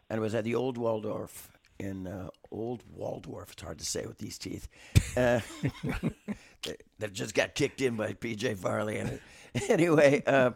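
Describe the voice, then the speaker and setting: Gravelly and fairly low-pitched, a man in his sixties shares stories as a studio guest musician. It's casual interview storytelling, rambling and self-mocking, with lots of restarts.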